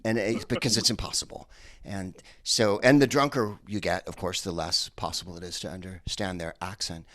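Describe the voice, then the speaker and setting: A man with a lowish voice works through a stand-up comedy set, meandering and full of filler sounds. The sound is dry and close, with no room around it. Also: steady tone, moderate pace, a bit bright, no room sound. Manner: rambling, hesitant delivery with many fillers.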